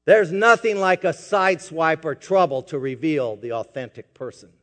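A man preaching a sermon as pastor, swinging from quiet asides to loud emphatic peaks. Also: a little high, normal speed, long reverb tail.

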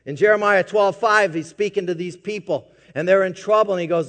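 A man preaching a sermon as pastor, swinging from quiet asides to loud emphatic peaks. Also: high voice, fairly quick, hardly any pauses, long reverb tail.

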